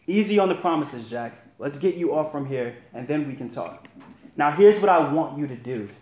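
A man voicing God as a calm, patient presence, speaking softly and low in a roomy space. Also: natural voice. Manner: slow, soft, low and gentle.

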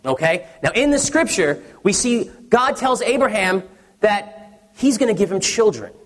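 A man's voice: high voice, sing-song, a little slow, a bit bright, long reverb tail, slight background noise. A man, a pastor in his thirties, preaching a sermon in a conversational, story-telling way with many restarts.

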